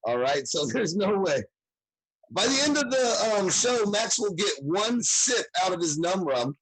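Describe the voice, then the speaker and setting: A man's voice: sits high, big pitch swings, unhurried, a bit bright, slightly rough, dry recording, low-quality recording. A man hosting a comedy show over a video call, joking and hyping up the crowd with profane banter. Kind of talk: emcee banter and introductions.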